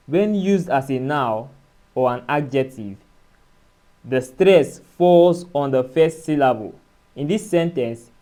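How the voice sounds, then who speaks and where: A man teaching an exam-prep lesson, speaking in a measured way and spelling out letters and syllables. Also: mid-range voice, dark tone. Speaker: exam tutor.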